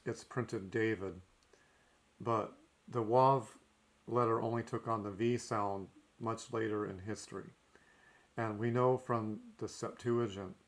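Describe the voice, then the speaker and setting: A man giving a recorded language lesson, working through notes methodically and marking each step with "okay". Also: on the low side. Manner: methodical, frequent "okay" between points. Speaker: teacher.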